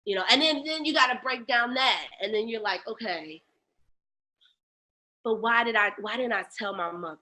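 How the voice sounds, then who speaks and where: Bright-voiced woman telling her story. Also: moderate pace. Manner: animated, acts out voices of others, shifts to low quiet tones on painful memories. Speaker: guest, lactation educator. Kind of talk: candid personal storytelling in an interview.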